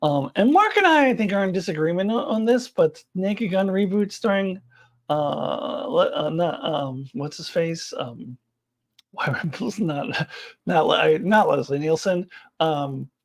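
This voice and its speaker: A woman's voice: on the low side, animated, unhurried. A middle-aged woman hosting a casual live chat and answering comments. She rambles and giggles often, and she trails off with lots of fillers. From United States. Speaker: live-stream host.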